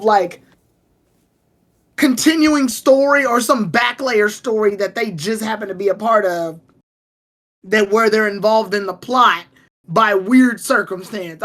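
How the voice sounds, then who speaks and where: A woman co-hosting a casual podcast, telling stories in an animated, profane way. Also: fairly high pitch. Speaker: podcast co-host.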